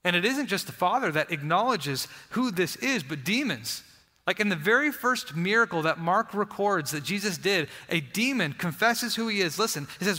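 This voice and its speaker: A man delivers a sermon in a fairly high, bright and forceful voice. He preaches earnestly and sinks to soft, low tones on the phrases he wants to land. A long reverb from a large hall trails after every line. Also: lively intonation, normal speed. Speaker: pastor.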